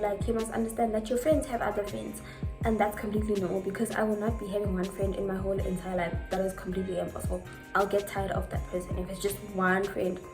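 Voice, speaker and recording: A teenage girl telling a storytime, chatty and full of "like" fillers. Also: mid-range voice. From South Africa. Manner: chatty, filler-heavy retelling with lots of "like". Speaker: vlogger. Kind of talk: casual storytime.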